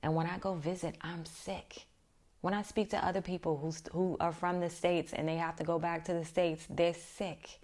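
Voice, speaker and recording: A woman's voice: on the low side, level tone, moderate pace, a little mellow. A woman vlogger telling a personal story in a reflective way, often dropping to a near-whisper.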